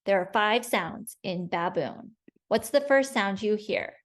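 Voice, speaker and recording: Slow, patient woman phonics teacher. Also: mid-range voice, lively intonation. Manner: slow, clear, patient sounding-out of words. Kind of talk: phonics spelling lesson.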